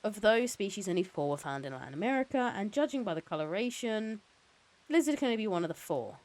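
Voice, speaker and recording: A woman's voice: medium pitch, very animated, fast, darkish tone, low-quality recording. A woman streamer reading a novel aloud, breaking off now and then for casual, sweary asides.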